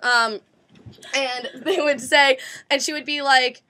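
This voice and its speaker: A woman's voice: high-pitched, steady tone, takes it slowly, bright, forceful tone. A young woman telling a funny story in casual chat, imitating a presenter and often laughing. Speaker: guest storyteller.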